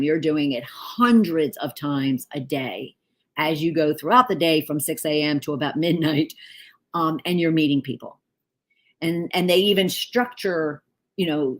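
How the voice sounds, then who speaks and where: Middle-aged woman, low register; candid storyteller, loose and unscripted. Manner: candid, storytelling with frequent fillers and self-corrections. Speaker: leadership coach and author. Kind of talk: casual storytelling monologue.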